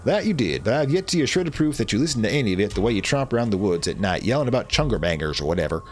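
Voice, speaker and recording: A man voicing a gruff older male woodsman and farmer. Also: fairly low pitch, sing-song, racing, soft background music.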